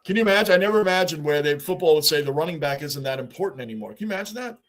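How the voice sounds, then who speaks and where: A man's voice: fairly high pitch, animated, very fast, a bit bright. A middle-aged man, hosting a casual livestream, talking on and answering chat, often repeating himself. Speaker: livestream host.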